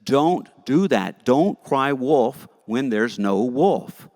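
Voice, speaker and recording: A stern village mayor scolds slowly and deliberately, as a man puts him on. The voice stays near the man's own mid pitch. It echoes in a reverberant church. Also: animated, a little mellow. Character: stern older village mayor, slow and firm.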